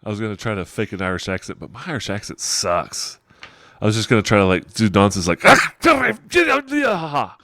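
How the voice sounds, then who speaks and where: A man's voice: lowish voice, steady tone, fast talker, background noise. A middle-aged man narrating a tabletop game as game master, describing scenes in a rambling, digressive way and chuckling often.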